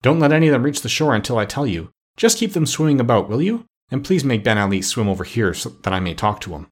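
A man's voice: medium pitch, big pitch swings, fast talker, breathy edge. A man playing a stern, polite animal doctor. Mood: firm. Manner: polite but stern, lecturing. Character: kind, firm animal doctor, grown man.

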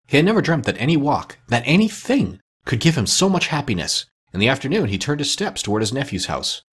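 A man narrating a classic story with a lively, expressive reading. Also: on the low side, husky.

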